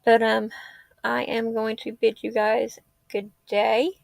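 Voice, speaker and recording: A woman's voice: fairly high pitch, little pitch movement, slow pace, creaky. A woman, rambling and heartfelt in a tearful casual livestream chat. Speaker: livestream host. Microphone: laptop or phone mic.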